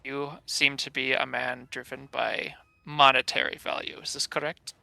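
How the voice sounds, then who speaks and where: A man's voice: medium pitch, level tone, moderate pace, vocal fry, sharp tone, dry recording, full character voice, low-quality recording. A man voicing a blunt adult male noble adventurer who talks in a dry, businesslike way. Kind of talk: in-character role-play.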